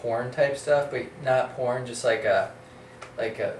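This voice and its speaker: A man's voice: medium pitch, measured pace, distant mic, a little hiss or hum. Hesitant man, roomy off-mic sound. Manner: hesitant, lots of fillers. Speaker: band guest. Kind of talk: casual chat.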